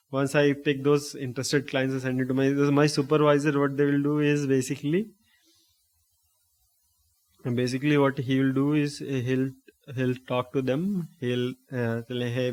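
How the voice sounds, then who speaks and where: Young Indian-accented man, casual storytelling monologue, middle pitch, loose and rambling with lots of "right?". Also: flat delivery, normal speed, a little mellow. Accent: Indian English. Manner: rambling, with frequent "right?" and self-corrections. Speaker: host.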